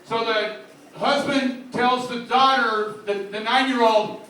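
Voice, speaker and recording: A man's voice: extremely high pitch, fairly even intonation, slow, pushed and bright. A man doing live stand-up comedy, reeling off old-school jokes one after another with a repeated tag line. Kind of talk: live stand-up joke telling. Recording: very echoey room, voice from far off.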